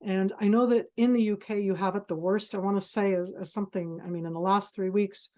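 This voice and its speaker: A woman's voice: medium pitch, steady tone, brisk, darkish tone. A woman giving a passionate webinar talk, intense and emphatic, stopping and restarting as she searches for words. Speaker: webinar speaker. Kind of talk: passionate lecture. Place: video call.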